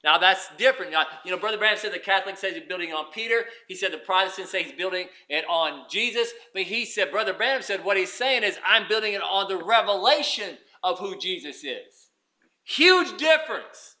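A man preaching with a very high, piercingly bright voice. He swings from ringing emphasis down to near-whispered asides as he addresses the congregation. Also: expressive, brisk. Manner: preaching with swings from loud to hushed. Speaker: pastor. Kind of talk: sermon.

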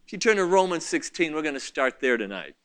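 A man preaching a sermon as pastor, impassioned, swinging between loud outbursts and quiet asides. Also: on the high side, big pitch swings, fast talker.

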